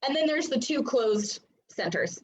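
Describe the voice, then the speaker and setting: High-voiced chatty woman coach. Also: lively intonation, measured pace, slight background noise. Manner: chatty, many filler likes, acts out little voices. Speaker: human design coach. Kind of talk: casual teaching talk. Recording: dull lo-fi recording.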